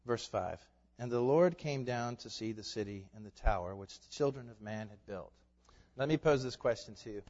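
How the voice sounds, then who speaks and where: A man preaching a sermon, animated, with loud emphatic peaks and laughing asides. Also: mid-range voice, normal speed. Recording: dull reverberant hall sound.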